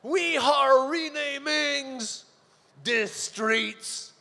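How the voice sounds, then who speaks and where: A man voicing a pompous male mayor who makes a slow, sing-song public announcement. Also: very high voice, creaky, sharp tone, long reverb tail, voice pushed up, heavily acted. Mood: grandiose.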